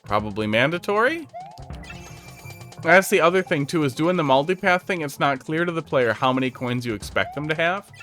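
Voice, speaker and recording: Reviewing viewer-created game levels on a stream with faint music in the background, this man speaks at a normal speed in a fairly high, slightly bright voice with lively intonation. He keeps it casual, sarcastic, jokey and chatty.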